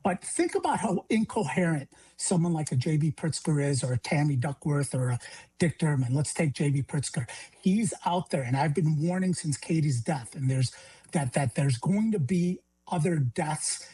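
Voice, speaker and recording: A man's voice: a little high, animated, normal speed, dark tone, breathy edge. A middle-aged man from Illinois, a guest on a talk radio show, speaking with passion and stumbling over repeated words. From Illinois, USA. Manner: impassioned, stammering restarts. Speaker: guest, grieving father. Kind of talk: phone-in talk radio interview.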